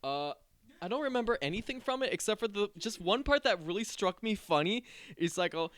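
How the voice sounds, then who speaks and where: A man hosting a podcast in casual chat, animated and quick to laugh. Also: high-pitched, no room sound. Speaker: podcast host.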